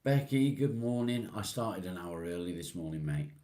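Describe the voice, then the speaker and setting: A man's voice: low voice, animated, moderate pace, dark tone. A man from England, hosting a live stream and casually answering viewer comments one by one, calling people mate. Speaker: livestream host.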